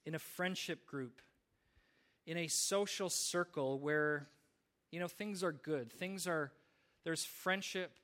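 A man's voice: on the high side, slow, fairly bright tone. A man preaching a sermon, telling stories in an earnest way with small restarts. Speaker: pastor.

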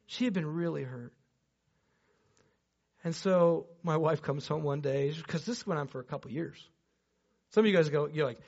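A man preaching a sermon and telling a personal story, swinging between loud excited bursts and hushed, low passages, talking straight to the congregation. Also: normal speed. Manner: chatty, addresses the congregation directly with asides. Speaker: pastor. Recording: dull lo-fi recording.

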